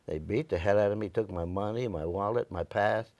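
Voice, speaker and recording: A man's voice: lowish voice, a little fast, darkish tone, no echo. A man in his nineties from Staten Island, New York, telling his memories in an oral history interview. He rambles a little and acts out the voices of the people in his stories. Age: older; 90s. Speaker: veteran interviewee.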